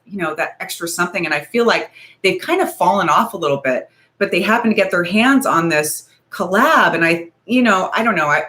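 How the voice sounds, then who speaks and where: A woman's voice: lowish voice, bright, forceful tone. A woman in her forties hosting a casual beauty livestream, talking in a nervous, rambling, hedging way. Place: home, ring light.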